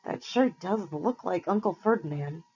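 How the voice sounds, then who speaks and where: A woman's voice: on the low side, animated, normal speed, warm tone, breathy edge, exaggerated voice. A woman reading aloud and voicing a nervous young male satyr who speaks anxiously. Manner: anxious, gasping. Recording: slightly muffled lo-fi recording.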